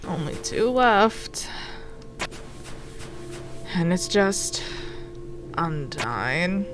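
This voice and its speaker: A woman's voice: on the low side, sing-song. A woman giving casual commentary while playing a video game, wry and talking to herself. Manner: unhurried, wry, talks to herself. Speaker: let's player. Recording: game music behind.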